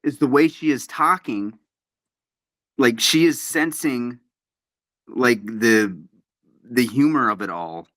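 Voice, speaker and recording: A man's voice: mid-range voice, slow, pauses often, fairly bright tone, no echo. A young man as a guest in a casual chat, incredulous and slangy, swearing freely. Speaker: podcast guest. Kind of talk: casual banter.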